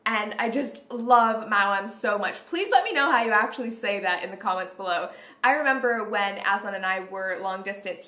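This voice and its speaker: Gushing woman vlogging, bright voice. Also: on the high side. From Canada. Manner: chatty, gushing, lots of "like". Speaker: beauty vlogger. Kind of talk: casual vlog chat. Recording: roomy echoey room.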